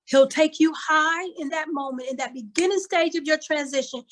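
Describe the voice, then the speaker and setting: This high-sitting female voice comes from an older woman from Kansas City, USA, addressing a conference with a motivational talk over a video call. The audio is poor; she moves at a moderate pace with hardly any pauses, telling her story preacher-style through emphatic repetition.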